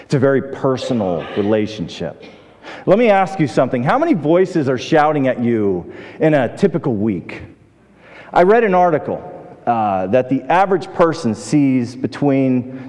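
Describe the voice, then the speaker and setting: A pastor with a mid-range, slightly mellow voice preaches in a church sanctuary, chatting with the congregation and asking them questions. He acts out the quoted voices in his stories, and the long reverb of a large hall hangs on every word.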